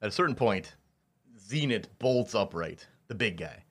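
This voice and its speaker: A man's voice: fairly low pitch, expressive, unhurried, a bit bright, slightly rough. A man running a tabletop role-playing game as game master, narrating the action with frequent laughter and rambling restarts.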